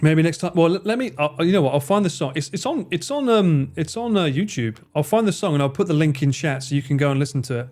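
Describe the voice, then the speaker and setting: A fairly high-pitched man talks fast with few pauses, chatting casually to his live-stream audience while he games. He's jokey and animated, swearing freely as he clowns around.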